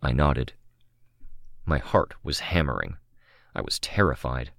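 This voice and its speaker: Deep, slow male audiobook narrator. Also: vocal fry, dry recording, studio quality. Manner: calm, measured, first-person reading. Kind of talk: scripted narration of a novel.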